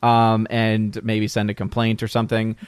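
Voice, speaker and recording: A man's voice: lowish voice, completely flat delivery, moderate pace, clean tone, dry recording. Chatty man hosting a live stream. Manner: rambling, repeats himself, laughs often. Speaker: stream host. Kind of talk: casual live-stream chat.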